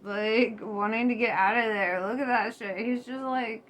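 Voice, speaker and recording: A woman's voice: a little high, fairly even intonation, normal speed, a bit bright. Laughing, swearing young woman reading tarot. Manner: laughs often, swears freely, loose and chatty. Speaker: tarot reader. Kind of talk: casual tarot reading to viewers. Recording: faint background noise.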